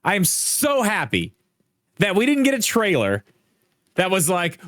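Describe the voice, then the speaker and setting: A man's voice: high-pitched, big pitch swings, a little slow, a bit bright, no echo, studio quality. A man co-hosting a casual gaming podcast, ranting with heavy swearing and strong emphasis. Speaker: podcast co-host. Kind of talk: casual opinionated chat.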